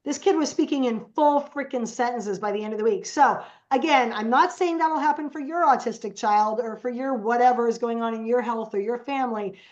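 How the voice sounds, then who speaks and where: A woman's voice: on the high side, brisk, few pauses, darkish tone, dull audio. A woman guest on a podcast, telling stories casually and animatedly and acting out the voices she quotes. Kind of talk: casual storytelling.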